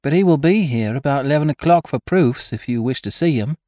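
A man's voice: mid-range voice, lively intonation, fairly quick, darkish tone, no echo, clean studio sound, voice pushed up, lightly acted. A man voicing a hesitant, polite young shop girl in an audiobook reading. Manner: doubtful, hesitant. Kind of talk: audiobook character voice.

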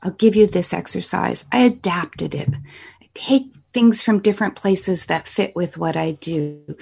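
A woman guest expert leading listeners through a calm breathing exercise, soft and instructive. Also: lowish voice, creaky, husky.

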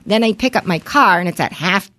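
A woman co-hosting a podcast, telling a story in casual chat, acting out the quoted exchanges with lively shifts and swearing freely. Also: mid-range voice, brisk. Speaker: podcast co-host.

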